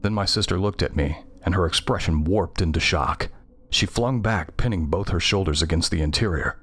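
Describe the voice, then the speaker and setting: Man, very low voice, tense first-person horror narration. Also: moderate pace, a bit bright.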